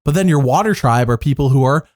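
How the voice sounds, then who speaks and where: Animated fast-talking male podcast host. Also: mid-range voice, no echo, clean studio sound. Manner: animated, joking, acts out bits. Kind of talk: casual podcast chat.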